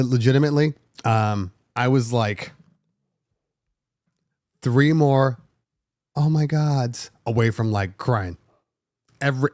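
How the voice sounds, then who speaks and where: A middle-aged man, a DJ hosting his own podcast, telling a personal story in a casual, animated way with plenty of fillers. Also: medium pitch, no echo, studio quality. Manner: animated, emotional retelling with many fillers. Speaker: podcast host and DJ.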